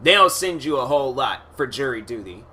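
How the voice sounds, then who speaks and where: A man hosting a podcast, telling a story in a casual monologue, animated and exasperated, acting out his own reactions. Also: medium pitch, fairly quick, breathy edge. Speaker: podcast host.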